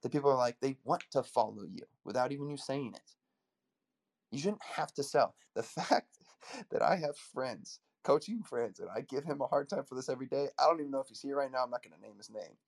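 A man with a gravelly, medium-pitched voice speaks fairly quickly while coaching an audience in a motivational talk. He tells stories with energy and acts out the dialogue.

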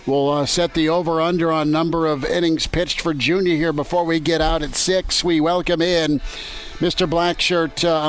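A male sports radio host broadcasts from a ballpark in a loose, joking manner. His voice sits a little high. Faint music plays in the background. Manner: joking, loose, easygoing banter. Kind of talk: casual sports talk radio. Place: outdoors at a ballpark.

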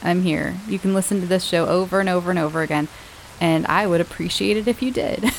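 A woman hosting her own podcast, chatting casually and warmly to her listeners with fillers and little laughs. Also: fairly low pitch, fast, creaky, a little hiss or hum, poor audio. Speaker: podcast host. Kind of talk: casual chat.

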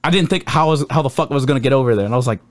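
A young man in a casual podcast chat, talking in an excitable, rushed way and swearing. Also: medium pitch. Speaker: podcast co-host.

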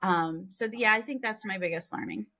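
A woman guesting on a podcast, telling frank, animated stories with mild swearing and big jumps in pitch for emphasis. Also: normal speed. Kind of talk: candid conversational storytelling.

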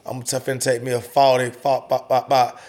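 A man co-hosting a podcast in casual chat, joking loudly and laughing often. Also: medium pitch, level tone, brisk. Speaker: podcast co-host.

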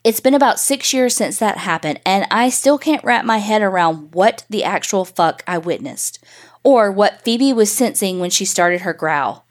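A woman reading a listener's ghost story aloud with casual, swear-laden energy. Her voice sits in a middle pitch, and she tells the story in the first person, animated and loose. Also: moderate pace.

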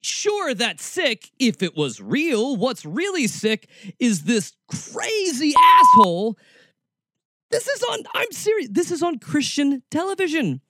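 A man's voice: very high voice, wildly swooping pitch, takes it slowly, sharp tone, no room sound. A man hosting a podcast, reacting to a clip with incredulous, sarcastic ranting. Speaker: podcast host. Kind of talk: casual commentary.

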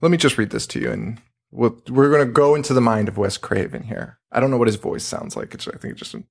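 A man's voice: medium pitch, brisk, vocal fry. A man hosting a podcast in casual chat, joking and laughing as he talks. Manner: laughing, animated, trails off. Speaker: podcast host.

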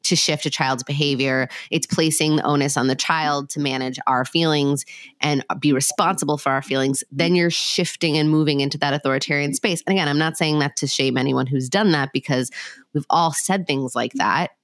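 Low-voiced woman psychologist, dry sound. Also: normal speed, no room sound. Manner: explains calmly with everyday examples. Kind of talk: casual podcast discussion.

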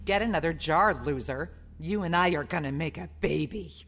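A woman voicing a bossy, scheming female sourdough starter who drawls slowly and gives commands. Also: sits low, fairly bright tone, a little hiss or hum.

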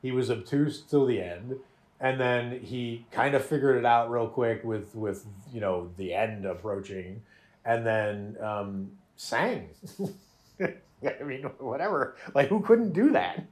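A man in casual podcast chat, talking about a TV show at a middle pitch. He is animated and restless, often restarting sentences and laughing. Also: takes it slowly.

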